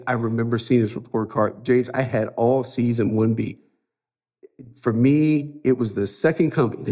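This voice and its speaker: A man's voice: medium pitch, warm tone. A man in his fifties, a podcast guest, telling his life story with feeling and acting out the dialogue. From United States. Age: 50s. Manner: earnest, emotional storyteller who acts out dialogue. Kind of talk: storytelling interview.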